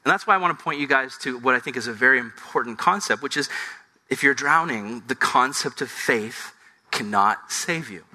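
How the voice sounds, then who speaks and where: A man in his thirties preaching a conversational sermon, acting out little scenes in lively voices. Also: medium pitch, normal speed. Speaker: pastor.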